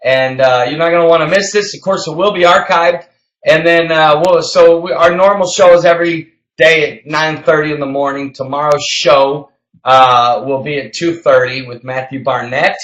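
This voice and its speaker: A man hosting a health show as a health coach, talking emphatically and passionately, getting loud. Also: fairly high pitch, steady tone, moderate pace, reverberant, highs cut off. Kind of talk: energetic podcast talk.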